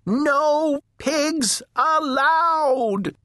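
A man voicing a stubborn, bossy elderly woman who shouts indignantly and emphatically. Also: medium pitch, huge pitch swings, slow, husky, no room sound, studio quality, voice pushed up, heavily acted. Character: bossy, stubborn older lady sister.

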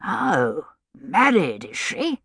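A woman's voice: fairly low pitch, huge pitch swings, extremely slow, a bit bright, breathy edge, dry recording, studio quality, full character voice. A woman doing a cocky little lieutenant. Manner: cocky, dignified. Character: short cocky young male lieutenant, a lecher.

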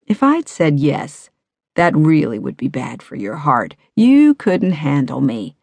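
A woman voicing a determined female police detective who chides gently and speaks briskly. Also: low-pitched, huge pitch swings, creaky, dry recording, heavily acted. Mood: chiding. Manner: gently chiding, brisk when urgent. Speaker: cop. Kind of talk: audiobook character voice.

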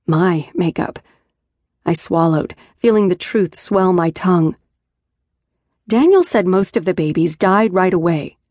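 A woman reads a first-person audiobook in a measured, even way, her voice mid-pitched and unremarkable in height. She is recorded close on a studio mic in a booth. The sound is dry, with no room around it. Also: no echo. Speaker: audiobook narrator.

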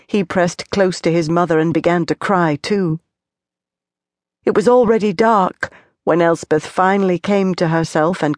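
Slow, low-voiced woman narrator. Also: darkish tone, no echo, clean studio sound. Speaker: audiobook narrator. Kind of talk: scripted narration.

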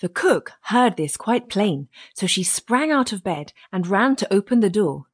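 A woman narrating a children's fairy tale audiobook in a steady storytelling manner. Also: mid-range voice, unhurried, breathy edge.

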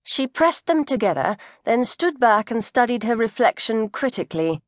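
A woman narrating an audiobook in a crisp, measured storytelling voice, close to the microphone. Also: a little high, sing-song, no room sound. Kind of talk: scripted narration.

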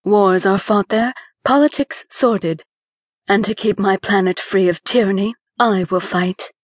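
A woman voicing a calm, formal alien woman warrior, speaking softly and slowly. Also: medium pitch, dry recording, studio quality, close to an everyday voice. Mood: serene, formal. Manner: soft, measured and formal.

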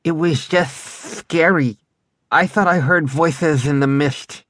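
A man's voice: a little high, fairly bright tone, dry recording, studio quality. A man voicing a frightened little boy with a lisp. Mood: scared. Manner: whispered, slow and shaky. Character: small frightened six-year-old boy.

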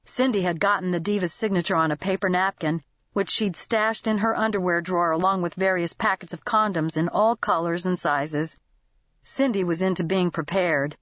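Expressive woman audiobook narrator. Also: fairly low pitch, no echo, lo-fi sound.

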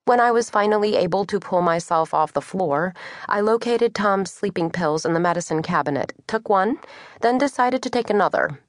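A woman's voice: fairly low pitch, dry recording. A woman reading a first-person novel as an audiobook narrator, in a wry, conversational way. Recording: dry studio.

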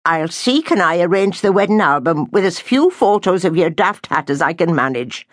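A woman voicing a commanding older Irish grandmother, brisk and scolding, in an audiobook. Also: on the low side, expressive, dry recording, clean studio sound. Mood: reassuring. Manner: brisk, scolding, full of authority.

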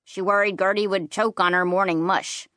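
A woman narrating a children's fantasy book in first person, with playful and expressive storytelling. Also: medium pitch, normal speed, no echo, studio quality. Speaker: audiobook narrator.

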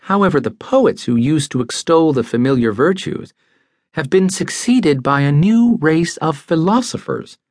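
A male narrator voicing a gentle, earnest male angel who speaks in a measured, formal way. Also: fairly high pitch, animated, no room sound, studio quality, voice pushed up.

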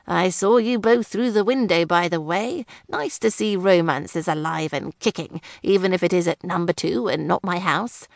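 A woman voicing a long-suffering, henpecked male headmaster, who sighs and talks slowly. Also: lowish voice, creaky, no echo, studio quality. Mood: weary. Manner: sighing, slow, put-upon.

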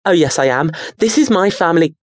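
A man's voice: a little high, animated, brisk, no echo, pitched above the performer's own voice. A man voicing a bewildered fourteen-year-old boy who asks startled questions.

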